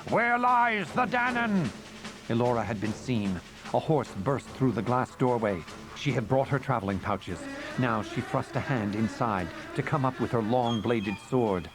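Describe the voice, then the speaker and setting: A man reading a fantasy novel aloud in measured, dramatic narration. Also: medium pitch, music in the background. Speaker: audiobook narrator. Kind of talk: scripted narration.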